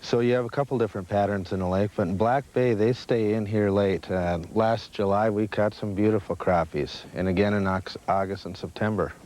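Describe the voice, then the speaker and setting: Speaking from a lake boat, a local guide plainly walks through fishing patterns in relaxed on-the-water talk. His lowish, slightly mellow voice stays steady, moving fairly quickly with few pauses. The clip is 1980s VHS field audio with a little noise.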